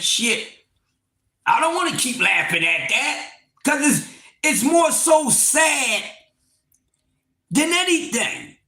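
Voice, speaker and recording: Brief: male stream host, high, lively pitch, preachy rant. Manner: loud, preachy, swings between shouting and mock-laughing. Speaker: livestream host. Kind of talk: animated livestream rant. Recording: echoey room.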